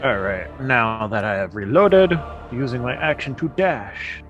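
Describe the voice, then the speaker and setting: A man's voice: mid-range voice, measured pace, highs cut off, over music. A man playing a tabletop game, stating his actions tersely. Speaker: player. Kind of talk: casual tabletop play.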